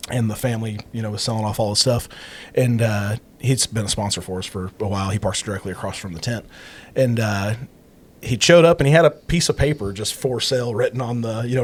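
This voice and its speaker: Husky fast-talking man telling a story. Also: medium pitch. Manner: rambling, many fillers and restarts. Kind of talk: casual storytelling chat.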